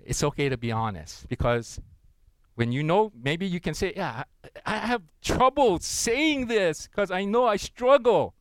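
A man's voice: high voice, expressive, a little slow, clean tone, no echo. Earnest male pastor preaching interactively. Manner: interactive, leads congregation in unison reading; frequent tag questions, earnest and encouraging. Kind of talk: sermon.

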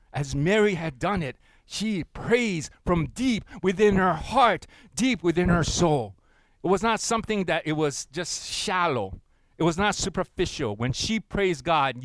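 A man's voice: fairly high pitch, dry recording. Preaching man with a dry close sound. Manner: preaching, leads congregation in reading aloud; swings between loud urgency and soft hushed asides. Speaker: pastor. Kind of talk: sermon.

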